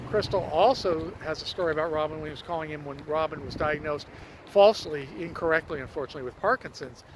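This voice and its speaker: A man hosting a casual walking vlog outdoors, telling a story in a rambling way and often correcting himself. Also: a little high. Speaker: vlog host. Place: outdoors on a windy street. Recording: outdoor street noise with traffic.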